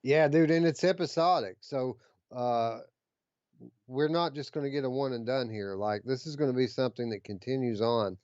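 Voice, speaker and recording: A man's voice: medium pitch, normal speed, darkish tone, no room sound, highs cut off. A man co-hosting a podcast, chatting eagerly about gaming news and reading out details with plenty of fillers. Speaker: podcast co-host.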